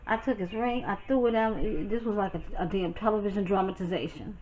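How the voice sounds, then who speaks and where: Animated New woman telling stories. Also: a little high, a little fast, few pauses, narrow, tinny audio. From Brooklyn, New York. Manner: animated, profane, chatty, talks straight to viewers. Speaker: storytime vlogger. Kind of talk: casual storytelling.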